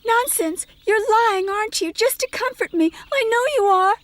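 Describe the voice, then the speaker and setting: A woman's voice: extremely high pitch, normal speed, fairly bright tone, no echo. A woman voicing a fussy, dramatic grown-up lady in a dubbed cartoon, speaking in an exclaiming, theatrical way. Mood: insistent.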